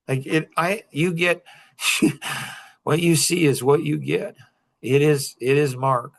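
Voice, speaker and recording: A man in his sixties hosting a podcast, telling a personal story in an animated way with laughs and acted-out lines of dialogue. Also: a little high, slow. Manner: animated, laughing, acts out dialogue with bursts of excitement. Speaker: podcast host.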